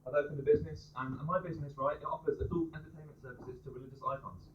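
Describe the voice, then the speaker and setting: Male stand-up comic, brisk pun-heavy delivery, caught on a dull live recording. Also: a little high, steady tone, a little hiss or hum. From West Midlands, England. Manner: rapid-fire pun one-liners. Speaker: stand-up comedian. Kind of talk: stand-up comedy set. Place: pub comedy night.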